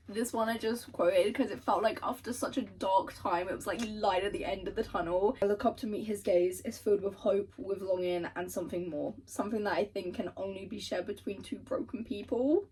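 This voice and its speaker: A young woman vlogger gushes about a romance series and reads passages aloud, cursing freely. Her voice is a little breathy and sits back from the mic. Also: medium pitch, fairly even intonation, brisk, few pauses, darkish tone, distant mic, rough recording. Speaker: book vlogger. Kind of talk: casual chat and reading aloud.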